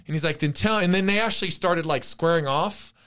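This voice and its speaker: A man's voice: fairly high pitch, fairly quick, clear, resonant tone. A man co-hosting a casual podcast chat, retelling stories with lots of laughter. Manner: animated storyteller, laughs often. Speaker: podcast co-host.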